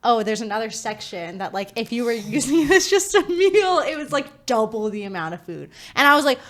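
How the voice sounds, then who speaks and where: A woman co-hosting a podcast, telling a story in casual chat, animated and laughing, full of filler words. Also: on the high side, a little fast. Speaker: podcast co-host.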